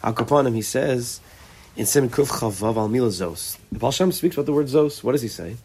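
A man's voice: mid-range voice, lively intonation, brisk, darkish tone, a little hiss or hum. A man leading an informal religious study group, thinking aloud, restarting phrases and mixing Hebrew terms into his English. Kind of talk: informal Torah class.

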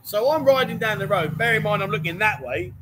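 A man's voice: sits high, fairly quick, noisy background. A man hosting a livestream from inside a bookshop, reading out viewer comments and teasing his co-hosts in a jokey, banter-filled way. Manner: jokey, teasing, often says "unbelievable". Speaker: livestream host. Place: indoors in a bookshop.

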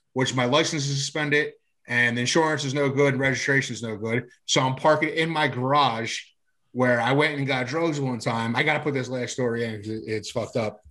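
A man's voice: mid-range voice, bright, forceful tone. A man in an interview, telling his own story in a rambling, casual way, with many fillers, restarts and curse words. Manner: rambling, filler-heavy, frequent restarts and swearing. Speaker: guest sharing his recovery story.

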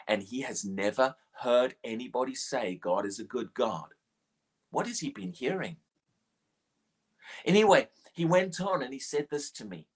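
Earnest husky-voiced man preaching. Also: medium pitch. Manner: earnest, animated, repeats words when starting sentences. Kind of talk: sermon.

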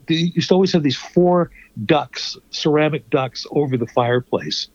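Man telling animated stories. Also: on the high side, normal speed, no echo, dull audio. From Toronto, Canada. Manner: animated storyteller, acts out the voices of people in his stories. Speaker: former radio host and songwriter. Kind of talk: anecdotal storytelling in a conversation.

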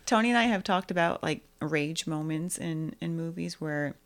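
A young woman with a low voice co-hosts a relaxed movie chat. She talks in an animated way and often acts out scenes in squeaky high voices. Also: normal speed. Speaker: podcast co-host.

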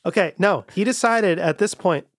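A man's voice: high-pitched, normal speed, no room sound, studio quality. A man co-hosting a comedic podcast, talking through song lyrics and half-singing them between laughs. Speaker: podcast co-host. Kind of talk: casual comedic chat.

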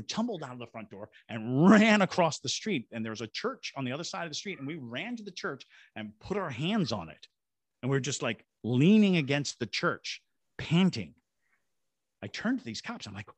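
Recorded dry, a medium-pitched man tells a lively story as a podcast guest. He hails from Savannah, Georgia, works as a paranormal investigator, and acts out the quoted voices of other people.

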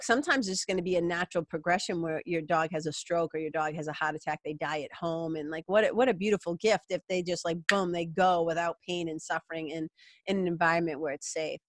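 A woman's voice: on the low side, steady tone, a little fast, no room sound, studio quality. A middle-aged woman, a yoga teacher, talking candidly and emotionally in a rambling personal monologue, with casual swearing. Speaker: yoga teacher and podcast host.

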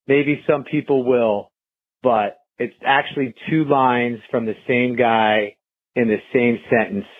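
A man calls in and leaves a voicemail for a podcast, offhand and easygoing. He talks slowly and loosely. His voice comes through a thin, phone-like line. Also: medium pitch, steady tone, slightly rough, dry recording. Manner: laid-back, offhand, casual swearing. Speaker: caller. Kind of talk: voicemail message.

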